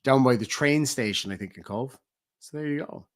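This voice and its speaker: A man's voice: mid-range voice, normal speed. An Irish man streaming live, reading viewer comments aloud in a casual, rambling way with frequent hesitant ums. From Ireland.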